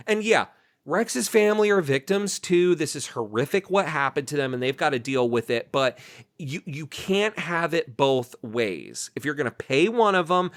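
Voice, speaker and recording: Male author guest from New Jersey, voice on the higher side, dry close sound, animated and indignant, lots of "you know" and "like.". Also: no echo. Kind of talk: podcast interview.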